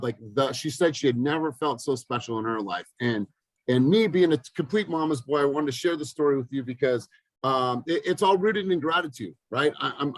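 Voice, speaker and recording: A man's voice: medium pitch, no echo, rough recording. A man in his thirties coaches a group over a video call, telling his stories with energy and acting out the people in them. His voice sits in a middle range and sounds dry and close, with no room around it. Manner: energetic storytelling with lively acted-out quotes. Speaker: business coach.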